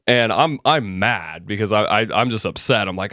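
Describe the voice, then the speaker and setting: A man teaching a business presenting class, telling a story in a relaxed conversational way, with many fillers and restarts. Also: lowish voice, moderate pace, dry recording, clean studio sound. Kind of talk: casual classroom lecture with anecdotes.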